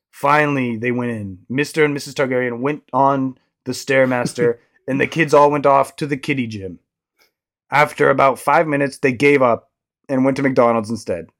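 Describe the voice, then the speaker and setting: A man reading a made-up fill-in story aloud to friends, breaking into laughter as he goes. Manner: reads with laughing breaks, shrill voice for the mother.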